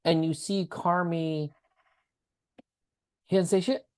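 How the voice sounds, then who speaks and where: A man's voice: fairly high pitch, takes it slowly, clear, resonant tone. A man co-hosting a podcast, chatting casually in a loose, storytelling way with plenty of "like". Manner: animated, loose storytelling with lots of "like". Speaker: podcast co-host. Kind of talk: casual TV recap chat.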